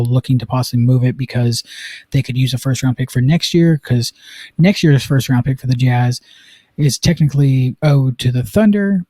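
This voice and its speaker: A man's voice: medium pitch, no room sound. Chatty man hosting a sports live stream. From Utah. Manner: chatty and excitable, many fillers. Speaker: sports podcast host.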